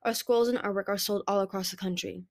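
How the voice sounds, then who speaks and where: A woman's voice: mid-range voice, steady tone, fast, vocal fry, dry recording, studio quality, lightly acted. Woman voicing an anxious young dragon seer.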